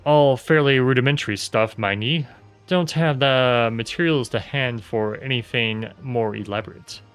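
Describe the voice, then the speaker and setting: A man voicing a tipsy, boastful rustic craftsman in a game, with folksy dialect and a drawn-out, theatrical delivery. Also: medium pitch, a bit bright, clean tone, faint music behind, natural voice. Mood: musing.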